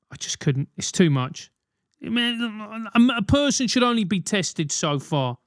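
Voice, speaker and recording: A man's voice: high-pitched, very animated, moderate pace, a bit bright, no room sound, studio quality. A man hosting a solo comedic advice podcast, rambling and swearing through comic rants. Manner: rambling, profane, comic ranting. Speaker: podcast host.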